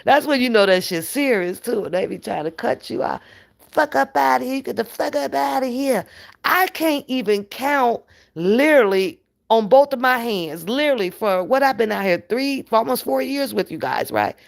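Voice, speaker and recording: A woman hosting her own channel in a casual, profane livestream rant, animated and laughing often. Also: on the high side, moderate pace, gravelly. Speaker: channel host.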